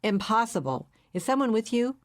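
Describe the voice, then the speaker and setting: A woman's voice: fairly high pitch, very animated, normal speed, voice pushed up. A woman voicing a tall, agitated man of about fifty who speaks brusquely and in a hurry.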